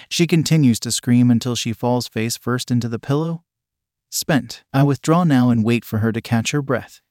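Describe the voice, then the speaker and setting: A man narrating an erotic story in the first person with a steady, unhurried reading. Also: mid-range voice, no room sound, clean studio sound.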